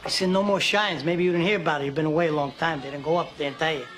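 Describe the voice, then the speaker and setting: A man's voice: on the high side, fairly even intonation, rapid-fire, a bit bright, faint music behind, close to an everyday voice. An actor playing a volatile young male mobster in film dialogue, explosive and cursing when provoked. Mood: tense.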